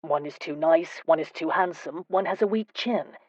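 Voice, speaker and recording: A proper, earnest gentleman diplomat reasons in a measured, lowish voice, as a woman narrator reads him. The recording is dry and slightly dull. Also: dry recording. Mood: reasoning. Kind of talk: audiobook character voice.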